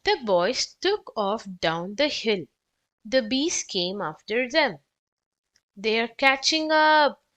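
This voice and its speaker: A woman reads a children's storybook aloud for young kids, clear and expressive. Her voice sits a bit high and rises and falls in a very lively way. She reads at an unhurried, very slow pace. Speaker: children's book reader.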